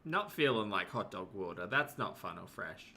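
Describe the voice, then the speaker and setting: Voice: low-pitched, big pitch swings, moderate pace, noisy background. A reaction commentator making joking, teasing asides over a vlog.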